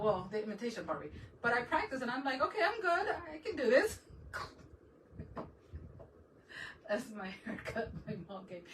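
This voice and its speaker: A woman's voice: fairly high pitch, bright, forceful tone, far from the mic, slight background noise, rough recording. A woman hosting a live craft stream, chatting casually with viewers and laughing often as she works. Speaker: craft livestream host.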